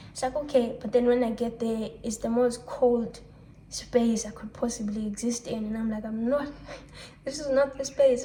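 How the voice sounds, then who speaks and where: A young woman talking through a personal confessional vlog, reflective and halting, often restarting her sentences and letting out soft sighs. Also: on the high side, slight background noise. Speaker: vlogger. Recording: echoey room.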